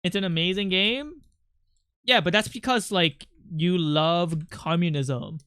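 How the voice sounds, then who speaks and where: Rambling streamer with a smooth voice. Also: medium pitch, measured pace, no room sound, clean studio sound. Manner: rambling, excitable, jumping between topics. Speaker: livestreamer chatting with viewers. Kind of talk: casual stream chatter.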